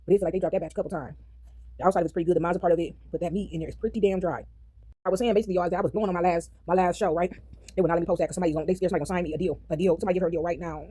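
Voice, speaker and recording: Fast-talking chatty woman, dark voice. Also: lowish voice, steady tone, slightly rough, no echo. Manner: chatty, addresses viewers as y'all, sings snippets. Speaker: vlogger. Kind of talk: casual chat while eating. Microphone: phone.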